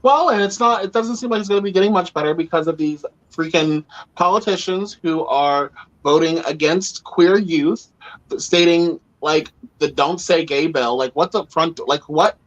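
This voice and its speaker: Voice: medium pitch, normal speed, lo-fi sound. A podcast host talking earnestly and emphatically in a casual panel chat, with many "like" and "you know" fillers.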